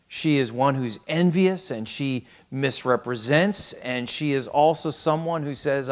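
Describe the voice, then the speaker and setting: A man preaching a sermon on a scripture passage, acting out the quoted lines and swinging from raised to hushed delivery. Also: mid-range voice, lively intonation, a little slow, hardly any pauses. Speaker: pastor. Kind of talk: expository sermon.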